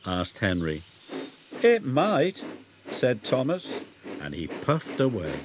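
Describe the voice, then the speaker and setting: A man with a British accent narrating a children's story in a gentle, expressive way. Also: low voice, a little slow, heavy background noise. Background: music.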